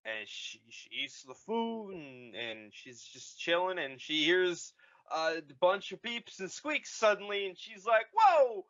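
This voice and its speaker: A man on a podcast casually retelling a movie plot, rambling with lots of fillers and quick mock voices for the characters. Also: high voice, lively intonation, bright, forceful tone, highs cut off. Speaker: podcast co-host retelling a film. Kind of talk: casual comedic recap.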